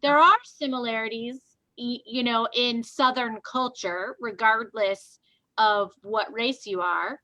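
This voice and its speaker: A woman's voice: on the high side, takes it slowly, sharp tone, no echo. A woman co-hosting a casual discussion, thinking aloud and searching for her words as she goes. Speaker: co-host.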